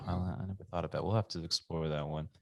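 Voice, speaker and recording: A man's voice: extremely low pitch, steady tone, quick pace. A man co-hosting a podcast in casual chat, laid-back, swearing freely and laughing often. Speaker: podcast co-host.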